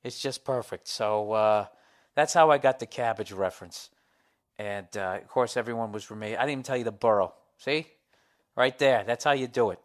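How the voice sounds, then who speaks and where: A man's voice: mid-range voice, normal speed. Male comedian with a mid-range voice hosting his podcast; loose, sardonic, foul-mouthed storytelling. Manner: profane, rambling, sardonic storytelling. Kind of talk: casual comic monologue.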